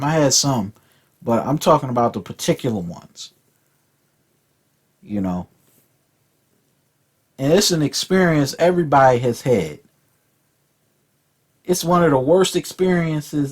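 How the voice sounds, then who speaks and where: A man's voice: fairly high pitch, a little mellow. A man telling a profane, rambling story from his school days in a casual rant, often repeating words. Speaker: vlog host.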